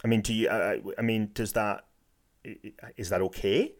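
A man with a somewhat deep voice chats casually as a podcast co-host. He probes each point with hypotheticals and plays devil's advocate, thinking out loud as a game master. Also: fairly even intonation, a little fast. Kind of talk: casual discussion.

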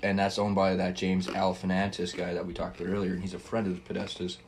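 Laid-back young man, low voice. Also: monotone, fast, a little hiss or hum. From Canada. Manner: laid-back, swears freely, laughs often. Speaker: podcast host. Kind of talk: casual chat.

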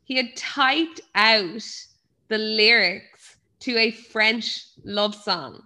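A woman's voice: on the high side, drawn-out words, bright, forceful tone. A young woman with an Irish accent, co-hosting a podcast and telling stories in casual chat, swearing freely. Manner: chatty storyteller, swears freely. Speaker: podcast co-host.

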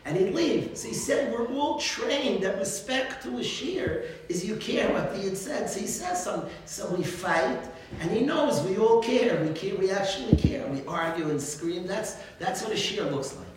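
A man, a rabbi, giving an informal religious talk full of animated stories and frequent chuckles. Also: high voice, moderate pace. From United States. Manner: animated storytelling, chuckles often. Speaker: rabbi teaching a class. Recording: very echoey room, distant mic, faint noise.

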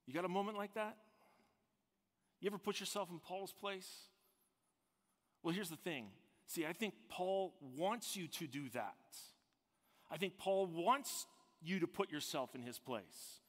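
A man preaching a sermon as pastor, swinging from loud emphatic peaks down to a hushed near-whisper. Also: high voice, animated, unhurried, pauses often, big-room sound.

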